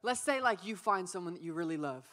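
A young adult woman giving a youth sermon, playful and lively, calling on the audience to repeat words back. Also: lowish voice, fast. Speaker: youth pastor. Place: church youth service.

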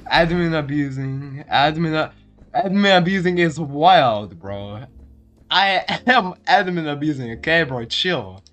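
A man giving excitable, swear-filled commentary over his own gameplay, calling everyone "bro". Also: a little high, a little slow, soft background music. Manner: excitable, swears often, constantly says "bro". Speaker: gaming video creator.

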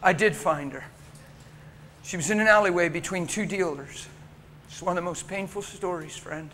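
High-voiced male preacher in a reverberant church. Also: normal speed, sharp tone. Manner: emotional storytelling, acting out quoted people. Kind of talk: sermon. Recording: long church reverb, faint background noise.

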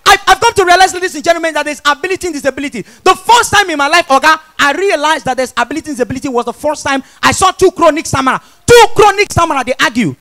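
A Nigerian stand-up comedian with a very high, bright voice, telling his story with animated emphasis. His pitch leaps around constantly. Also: rapid-fire, few pauses. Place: comedy stage.

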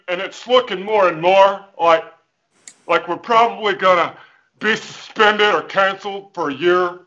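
A man playing an over-the-top, overconfident fitness coach who also preaches speaks in a high, pushed, bright voice on a headset during a comic video-call interview. The audio sounds dull.

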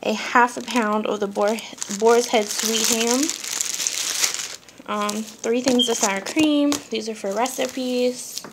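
A woman's voice: a little high, fairly even intonation, slow, heavy background noise. A woman vlogger chatting casually as she shows her grocery haul, filling her talk with ums and asides. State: briefly out of breath. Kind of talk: casual chat.

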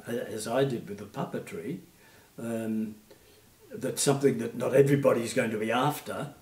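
An Australian man in his eighties, a retired puppeteer, telling gentle stories in an interview with many fillers. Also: mid-range voice, normal speed, distant mic. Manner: gentle anecdotal storytelling, frequent fillers. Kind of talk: reminiscing interview. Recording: echoey room, off-mic.

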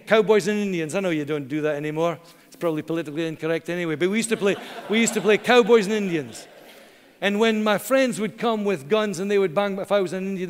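A middle-aged man preaching a sermon as pastor, earnest, slowing down and pausing for emphasis. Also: sits high. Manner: earnest, dramatic pauses, slows for emphasis. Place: church hall. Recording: long church reverb.

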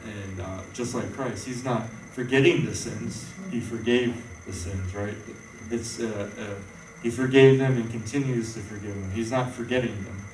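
A man's voice: lowish voice, normal speed, few pauses, a little mellow, a little hiss or hum. A man preaching an informal sermon, rambling and conversational with many fillers and restarts. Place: church hall. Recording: echoey room, voice from far off.

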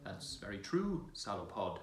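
A man's voice: low-pitched, sing-song, unhurried, slight background noise. A man voicing a blunt male dwarf fond of old sayings, in a roomy church from far off. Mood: agreeable.

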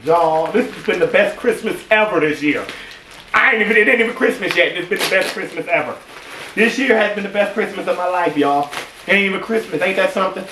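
A man's voice: sits high, brisk. A man with an Ohio accent unboxing fan mail in a vlog, emotional and exclaiming, repeating himself. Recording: echoey room, distant mic, background noise.

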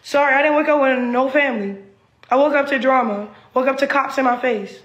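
A woman's voice: sits high, a little fast, echoey room, muffled recording. A young woman in a rambling, agitated and profane livestream rant, recorded on a phone.

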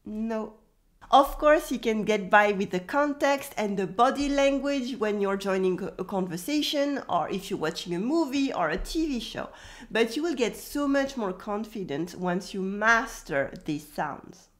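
A woman's voice: mid-range voice, animated, a little slow. A French woman with a Parisian accent, teaching English speakers how to pronounce French with spoken examples. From France. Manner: friendly, explains with spoken examples. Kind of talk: language lesson to camera.

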